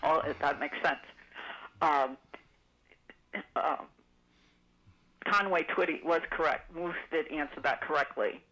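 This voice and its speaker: Calling in to a radio program, a woman with a low, sharp-toned voice chats on about trivia at an unhurried pace, leaving long pauses and filling gaps with many ums. The audio is poor.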